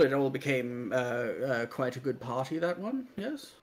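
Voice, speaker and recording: A man's voice: medium pitch, expressive, unhurried, hardly any pauses, faint music behind. A man playing a tabletop game, speaking in character with genteel, rambling, old-fashioned phrasing. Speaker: player voicing an undead noble character. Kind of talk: in-character tabletop role-play.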